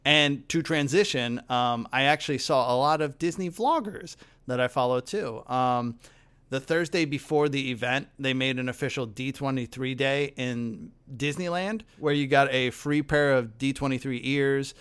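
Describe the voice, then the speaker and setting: Young guy hosting a podcast, smooth clear voice, chatty and animated, does little voices for people in his stories. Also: mid-range voice, normal speed. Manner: lively, acts out other people's lines in his stories. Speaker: podcast host. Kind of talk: casual storytelling chat.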